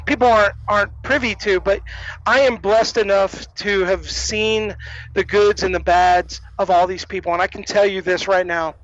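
A man with a notably high voice tells backstage stories with animation, acting out the people he quotes. The audio is dull and lo-fi, but close and dry with no room sound. He speaks as a podcast guest looking back on his career. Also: normal speed, dry recording. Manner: animated storyteller who acts out quoted voices. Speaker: wrestling production manager guest. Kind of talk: storytelling anecdotes in a podcast interview.

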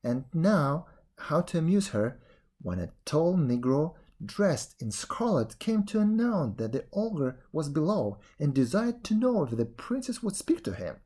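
A man reading a fairy tale aloud, expressive storytelling with a few slips. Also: on the high side, unhurried. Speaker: reader.

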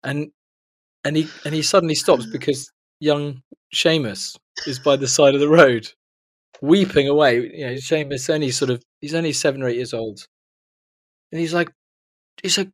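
A man's voice: a little high, normal speed, no echo, clean studio sound. A man telling a long joke among friends in casual chat, rambling and restarting, laughing often.

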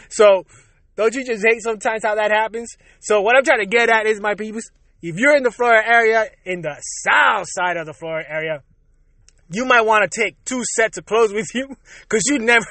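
This Puerto Rican podcast host has a high, bright voice with a forceful tone as he delivers a casual, profane solo rant. He laughs between lines, and the recording carries no room sound.

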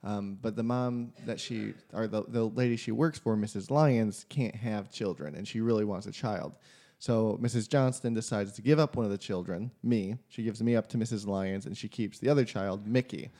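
A man's voice: fairly low pitch, normal speed, mellow. A man co-hosting a podcast, explaining things at length in casual conversation. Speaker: podcast co-host. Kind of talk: casual chat.

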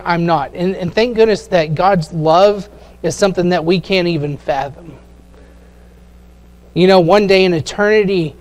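High-voiced man preaching conversationally. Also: a little mellow. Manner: conversational preaching with frequent fillers and direct questions to the congregation. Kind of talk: sermon.

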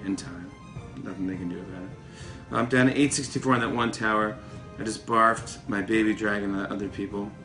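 A man giving casual, playful commentary while playing a mobile game, excitable and trash-talking his opponents. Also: on the low side, a little fast, faint music behind. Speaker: talk show host.

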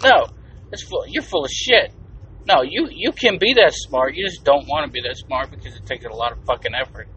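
A man's voice: mid-range voice, sing-song, a little fast, bright, forceful tone. Profane, blunt man ranting on a podcast. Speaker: podcast host. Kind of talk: casual solo podcast rant. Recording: distant, dull lo-fi mic with faint noise.

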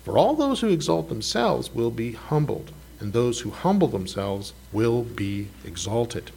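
A man's voice: medium pitch, sing-song, unhurried, gravelly, darkish tone, a little hiss or hum. A man preaching a conversational sermon, asking his listeners questions and speaking frankly about his own faults. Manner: conversational, self-deprecating, asks the congregation questions. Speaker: pastor.

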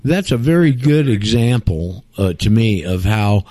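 A man's voice: lowish voice, animated, a little slow, dark tone. A man hosting a call-in radio show, answering callers with short, easygoing replies. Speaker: radio talk show host. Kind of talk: casual call-in chat.

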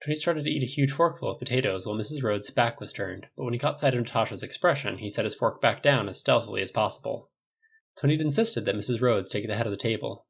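A man reading a story aloud in steady, even narration, on a dull lo-fi recording. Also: mid-range voice, gravelly, slightly rough. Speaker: reader. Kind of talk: audiobook narration of fan fiction.

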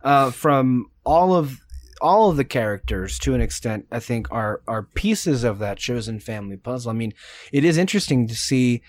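A man's voice: medium pitch, animated, moderate pace. A man co-hosting a podcast, talking in a hesitant way with many fillers and self-corrections. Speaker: podcast co-host. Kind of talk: casual chat.

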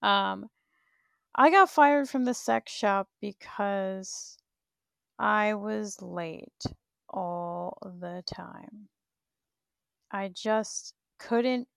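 A woman in her thirties talks on her livestream in a blunt, profane, rambling way. Her voice is gravelly with plenty of fry. She speaks at an unhurried pace, and the sound is close and dry. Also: medium pitch, dry recording. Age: 30s. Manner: blunt and profane, laughs often. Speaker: livestream host. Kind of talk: candid rambling livestream chat.

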